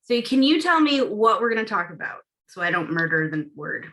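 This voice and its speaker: A woman's voice: mid-range voice, very animated, fairly quick, pushed and bright. A woman hosting a podcast in a casual, chatty way, with lots of ums. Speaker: podcast host. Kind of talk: casual interview chat.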